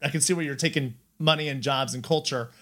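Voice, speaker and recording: A man's voice: mid-range voice, fast, fairly bright tone. A man co-hosting a podcast in casual chat, rambling and restarting his sentences, laughing often. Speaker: podcast co-host.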